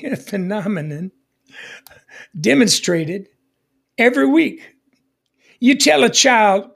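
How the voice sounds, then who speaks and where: High-voiced preaching man, radio broadcast. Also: lively intonation, a little slow, vocal fry, fairly bright tone. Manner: emphatic preaching with repeated phrases and call-and-response. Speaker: pastor. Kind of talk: broadcast sermon. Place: broadcast studio.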